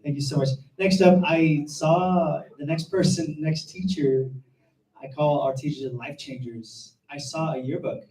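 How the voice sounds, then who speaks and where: Excited man hosting a ceremony. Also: fairly high pitch, a little slow. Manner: excited, enthusiastic. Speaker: master of ceremonies. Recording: echoey room with crowd, distant mic.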